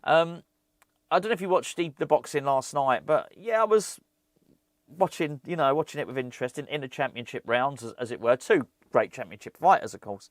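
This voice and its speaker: A man talking casually as a fan channel host, animated and ranting, often repeating words. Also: medium pitch, fairly quick, no room sound, clean studio sound. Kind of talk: casual football chat.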